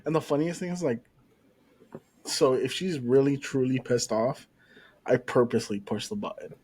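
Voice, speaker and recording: A man's voice: medium pitch, expressive, moderate pace, darkish tone, breathy edge, low-quality recording. A man co-hosting a podcast who jokes about teasing his wife and laughs often in casual chat. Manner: laughs often, joking and playful. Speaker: podcast co-host.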